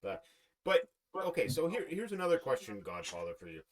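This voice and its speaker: Rambling, animated podcast host. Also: male voice, fairly high pitch, a little fast. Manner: rambling, laughing, joking. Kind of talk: casual chat.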